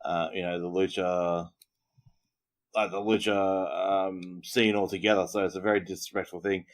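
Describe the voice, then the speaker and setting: Aussie male co-host, lower register, casual and agreeable, filler-heavy speech. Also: little pitch movement, normal speed. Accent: Australian. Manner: agreeable, lots of yeahs and ums. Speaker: podcast co-host. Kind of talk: casual wrestling recap chat.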